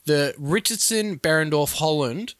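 A man with a fairly high, slightly bright voice does unhurried mock play-by-play for a simulated cricket game. In announcer cadence he reads out lineups and sponsors, recorded in a clean studio with no echo.

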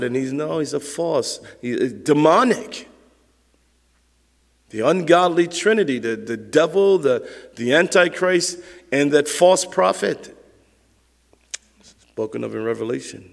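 A man's voice: on the high side, expressive, moderate pace, gravelly. A man preaching a sermon as pastor, in an emphatic, conversational way, acting out the quotes he reads. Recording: long reverb of a large hall.

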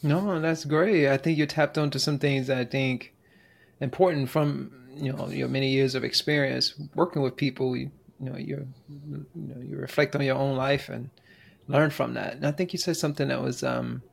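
Gravelly-voiced man asking slow reflective questions. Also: mid-range voice, steady tone. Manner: slow, searching, hesitant phrasing. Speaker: podcast host.

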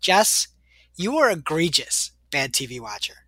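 A man's voice: on the high side, measured pace, slightly rough, dry recording. A man co-hosting a podcast, chatting casually and telling jokey stories. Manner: joking, animated storytelling. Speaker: podcast co-host. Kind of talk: casual chat.

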